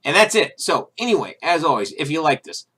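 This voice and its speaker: Bright-voiced rambling man. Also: a little high, big pitch swings, fairly quick, breathy edge. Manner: rambling, frequent restarts and fillers, irritated sarcastic asides. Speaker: video host. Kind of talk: casual opinion monologue.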